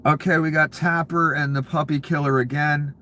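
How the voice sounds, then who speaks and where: A man's voice: a little high, little pitch movement, moderate pace, sharp tone, slight background noise. Sarcastic, profane male commentator. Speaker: political commentator. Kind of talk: reaction commentary on news clips.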